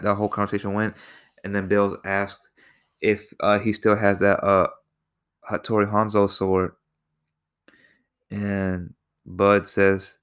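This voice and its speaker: Rambling man reviewing a film, lowish voice. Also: a bit bright, clean tone. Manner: rambling, filler-heavy, with slang. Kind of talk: casual spoken movie review.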